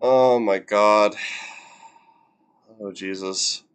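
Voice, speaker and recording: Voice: low-pitched, fairly even intonation, drawn-out words, clean tone. A reaction streamer chatting casually, stammering and repeating words, often breaking into laughs.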